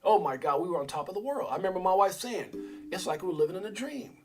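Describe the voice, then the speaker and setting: A man's voice: sits high, expressive, fast, faint music behind. A middle-aged man hosting a crypto livestream, preaching in a fired-up motivational rant and calling out viewers by name.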